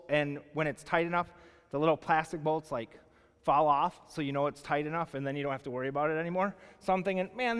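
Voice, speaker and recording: A male pastor in his forties preaching a sermon, telling a personal story in an animated, casual way full of "like". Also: on the high side, smooth. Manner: animated storytelling, colloquial, lots of "like". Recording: long hall reverb.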